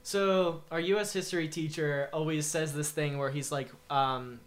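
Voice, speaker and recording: A man's voice: a little high, fairly even intonation, normal speed. A teenage boy co-hosting a podcast, chatting casually with a giggly, hesitant manner and many fillers. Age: teens. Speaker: podcast co-host. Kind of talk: casual chat.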